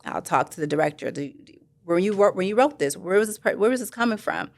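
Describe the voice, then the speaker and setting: Gravelly-voiced actress rambling in an interview. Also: female voice, medium pitch, quick pace. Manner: rambling, animated, acts out quoted voices. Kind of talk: casual interview chat.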